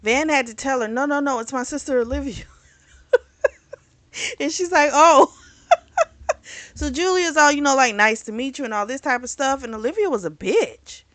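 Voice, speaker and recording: A woman reviewing a book in casual chat, retelling the plot in a chatty, animated way. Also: sits high, moderate pace, no room sound. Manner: chatty, animated retelling with acted quotes and laughs.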